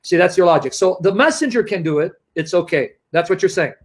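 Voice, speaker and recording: A man's voice: sits high, animated, fast. A man arguing in a heated online debate, combative and mocking, often talking over his opponent.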